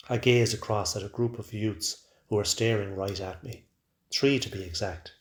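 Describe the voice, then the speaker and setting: A man narrating a first-person story in a quiet, measured way. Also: on the low side, fairly even intonation. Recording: roomy echo.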